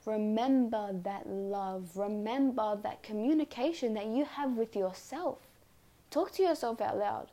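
A woman's voice: on the high side, unhurried, mellow. A woman hosting a podcast, giving an earnest self-help talk with repeated coaching phrases. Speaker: podcast host. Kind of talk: reflective self-help monologue.

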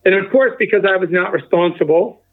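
A man in his forties with a fairly high voice tells his own story as an interview guest. He slips into the voices of the people he quotes. The sound is narrow and tinny, like a remote phone line. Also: fairly quick. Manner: acts out quoted dialogue with a lively shift in tone. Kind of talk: casual personal storytelling.

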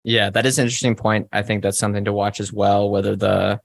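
A man co-hosting a casual podcast, talking in a measured, conversational way with frequent fillers. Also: on the low side, flat delivery, creaky. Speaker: podcast co-host. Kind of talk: casual investing discussion.

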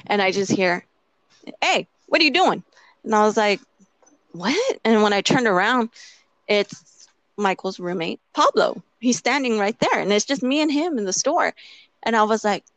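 A woman's voice: medium pitch, lively intonation, normal speed, long pauses, dry recording. Woman interviewee, casual anecdote, filler-heavy delivery, acts out dialogue, dry close recording. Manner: rambling with many "like" fillers. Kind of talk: casual storytelling.

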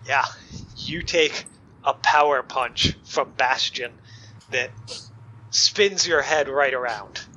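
A man narrating as game master of a tabletop game, giving calm, matter-of-fact rulings. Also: medium pitch, takes it slowly, long pauses, lo-fi sound, a little hiss or hum.

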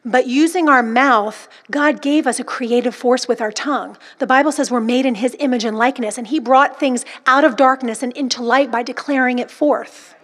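Woman preacher, high voice, emphatic and dramatic delivery. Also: moderate pace, few pauses. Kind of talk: sermon.

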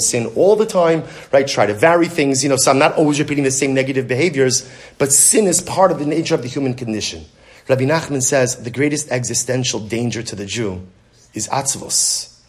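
A man giving an animated Torah lecture, repeating phrases for emphasis and reading Hebrew verses aloud. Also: mid-range voice, a little fast. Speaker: rabbi teaching Torah.

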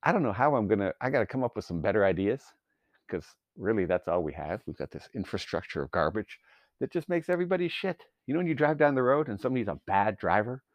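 A man's voice: on the low side, big pitch swings, fast, no room sound. A young man, a new father, ranting bluntly and profanely in a solo podcast, exasperated. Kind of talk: solo rant.

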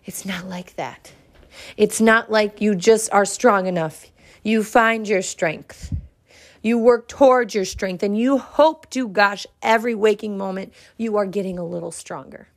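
Gravelly-voiced woman telling her story. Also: mid-range voice. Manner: earnest, reflective, with dramatic pauses. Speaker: podcast host. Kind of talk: personal storytelling monologue.

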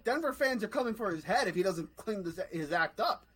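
Fired-up ranting man, high lively voice. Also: fairly quick, husky, rough recording. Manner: swears freely. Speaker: podcast co-host. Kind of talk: casual sports podcast chat.

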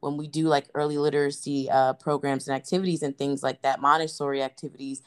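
Female podcast host, very low pitch, affirming and thoughtful. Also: little pitch movement, quick pace, clear, resonant tone. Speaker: podcast host, children's librarian. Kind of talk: casual conversation.

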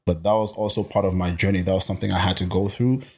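A fairly low-voiced man who grew up in Botswana speaks in a casual interview, with fire and energy. He restarts sentences often and jumps in pitch when he gets excited. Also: fast, breathy edge. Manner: energetic, passionate, many restarts. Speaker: interview guest, life coach.

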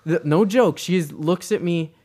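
A man's voice: fairly high pitch, unhurried, warm tone. A young man co-hosting a podcast, telling a story animatedly in casual chat, acting out quotes and swearing casually. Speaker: podcast co-host.

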